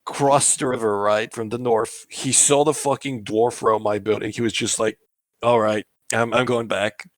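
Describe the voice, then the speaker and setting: Male podcast co-host, mid pitch, excited and profane, dry recording. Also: moderate pace, no room sound. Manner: enthusiastic, swears often. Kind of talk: casual gaming chat.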